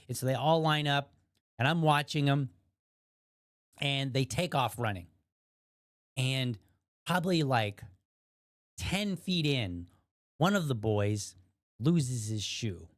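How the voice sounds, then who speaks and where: A man in his thirties hosting a podcast, telling a personal story casually, rambling and animated with restarts and acted-out quotes. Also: mid-range voice, measured pace, long pauses, no room sound, studio quality. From USA. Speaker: podcast host.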